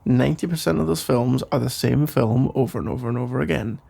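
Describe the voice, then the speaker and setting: Man doing a gravelly sleepy boyfriend, whispered role-play. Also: medium pitch, fast. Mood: teasing. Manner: soft sleepy voice, playful rambling. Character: caring, rambling boyfriend putting partner to bed. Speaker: ASMR role-play creator.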